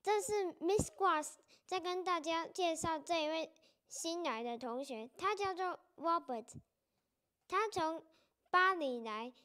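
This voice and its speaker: High, slow-reading woman teacher. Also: sharp tone. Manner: slow and deliberate, repeating sentences for learners. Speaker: storybook reader and English teacher. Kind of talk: reading a picture book aloud with explanations.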